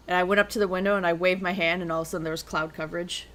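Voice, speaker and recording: A woman's voice: lowish voice, flat delivery, very fast, a bit bright. A woman streamer in a casual chat, rambling and giggling as she goes, with easy, offhand swearing.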